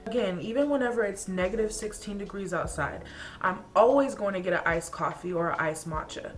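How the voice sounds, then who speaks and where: A woman's voice: mid-range voice, brisk, soft background music. A young woman from Atlanta, Georgia, vlogging in a casual, chatty way, ranting about things that annoy her, full of laughs and filler words. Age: young adult. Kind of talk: casual chat.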